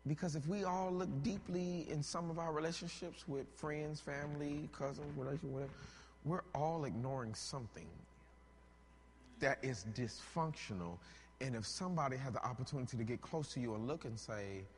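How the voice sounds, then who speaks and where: Male preacher, high lively voice, husky and bright, long reverb of a hall. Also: normal speed, a little hiss or hum. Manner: animated, joking, rises to shouts. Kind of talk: sermon.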